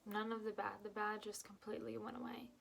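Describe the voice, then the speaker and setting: A young woman telling her own painful story to camera, halting and emotional, with many fillers and restarts, dropping to a whisper at the hardest parts. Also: medium pitch, level tone, creaky, fairly bright tone. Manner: drops to whispers at painful moments.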